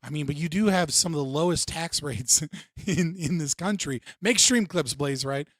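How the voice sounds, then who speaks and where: Profane streamer with a dry sound. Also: male voice, fairly high pitch, normal speed, a bit bright, dry recording. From United States. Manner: profane, ranting, joking. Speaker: livestream host. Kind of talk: casual live-stream reaction talk.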